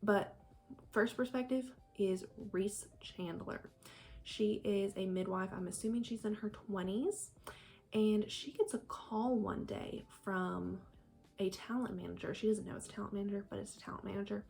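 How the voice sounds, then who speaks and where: A woman's voice: medium pitch, steady tone, unhurried, creaky, darkish tone, soft background music. A woman chatting casually about a book she is reading, rambling with lots of fillers. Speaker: book vlogger. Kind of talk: casual book review chat.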